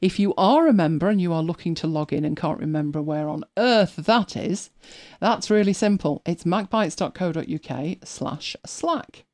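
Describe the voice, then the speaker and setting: A woman's voice: fairly low pitch, normal speed, a little mellow. Chatty British woman hosting a show. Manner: chatty, rambling storyteller with frequent self-corrections. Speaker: host. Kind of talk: casual live-show chat.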